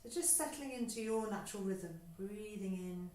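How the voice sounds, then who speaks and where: A woman yoga teacher talks listeners through slow, deep breathing in an unhurried, soothing voice. Her voice rings a little in an echoey room. A faint background hum sits under her words. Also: mellow. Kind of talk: guided breathing instruction.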